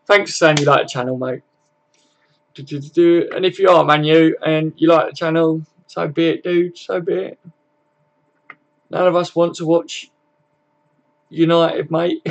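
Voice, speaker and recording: Young male fan-stream host, slightly high, gravelly voice, relaxed and sweary. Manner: laid-back, swears freely, chuckles often. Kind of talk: casual live-stream chat, reading comments aloud.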